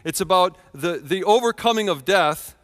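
A man in his thirties preaching a sermon in a church, telling a personal story with earnest feeling and swings from quiet to loud. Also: sits high, expressive, normal speed, in a large hall. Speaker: pastor.

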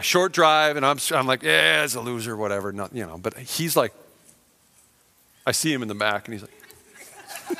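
A man's voice: a little high, pushed and bright. Man preaching in a reverberant hall. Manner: conversational, self-deprecating storytelling with acted-out quotes. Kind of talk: sermon with storytelling.

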